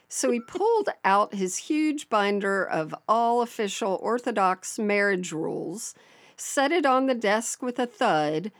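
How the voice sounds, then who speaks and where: A woman's voice: medium pitch, no room sound. A woman co-hosting a podcast, telling a listener's story in a chatty, storytelling way with frequent laughs. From American South. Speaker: podcast co-host. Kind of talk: casual podcast chat, reading a listener story.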